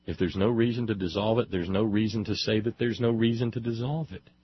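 A man's voice: lowish voice, fairly even intonation, fairly quick, hardly any pauses, breathy edge. A man giving an impassioned opinion monologue as a commentator, emphatic and building long lists with rising force. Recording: dull lo-fi dry recording.

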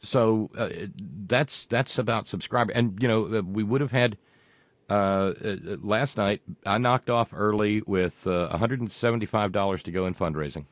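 Male radio host, low voice, dry close sound, rambling folksy pitch with lots of restarts. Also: dry recording. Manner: rambling, halting, many fillers and restarts. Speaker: radio talk show host. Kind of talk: casual on-air talk and fundraising pitch.

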